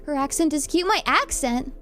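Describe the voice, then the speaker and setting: A woman's voice: high-pitched, lively intonation, normal speed, pushed and bright, soft background music. A young woman with a Californian accent, chatting casually with her live viewers, giggly and self-deprecating. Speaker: streamer. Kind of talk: casual chat reading live comments.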